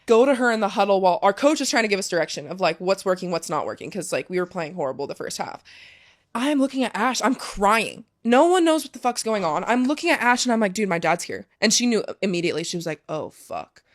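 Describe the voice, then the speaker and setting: Candid young woman telling a story. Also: mid-range voice. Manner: candid, swears freely, heavy use of "like". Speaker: guest, professional soccer player. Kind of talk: casual storytelling interview.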